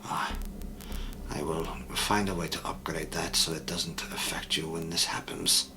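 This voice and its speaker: A man voicing a gruff male vampire guide with a limp and an Eastern European accent, giving clipped, urgent commands. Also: rumbling low, flat delivery, measured pace, noisy background. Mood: coaxing.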